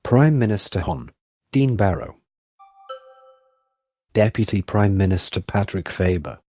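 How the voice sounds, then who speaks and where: A man giving a flat, formal scripted reading of names and government titles. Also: fairly low pitch, measured pace, no room sound, faint music behind.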